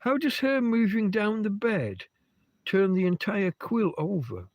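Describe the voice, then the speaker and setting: Sweary man, lively high voice. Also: a little slow, no echo. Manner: heavy swearing, rambling asides. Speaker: livestream host. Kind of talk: casual rambling chat. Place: in bed at home.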